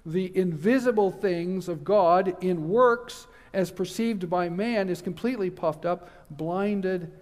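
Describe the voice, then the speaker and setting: A man's voice: high voice, takes it slowly, few pauses, darkish tone. A middle-aged man giving a conference lecture in a church hall, earnest and emphatic, with wry asides. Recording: long reverb of a large hall.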